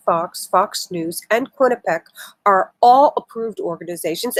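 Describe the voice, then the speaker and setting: A woman's voice: mid-range voice, darkish tone, no echo, poor audio. Indignant woman live-streaming political commentary. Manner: indignant, emotional, reads articles with asides. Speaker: political livestream host. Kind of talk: casual live-stream commentary, reading news aloud.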